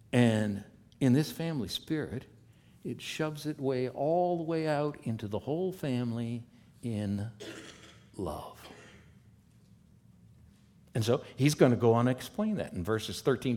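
A man with a voice of middle pitch preaches a sermon to a congregation in a church room. He swings between loud, emphatic passages and quiet asides, and reads scripture slowly and deliberately. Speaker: pastor.

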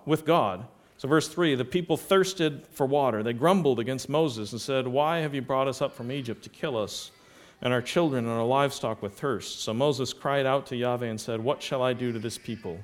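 A man's voice: mid-range voice, moderate pace. A man preaching a sermon, reading scripture passages aloud and explaining them, rising in volume for emphasis.

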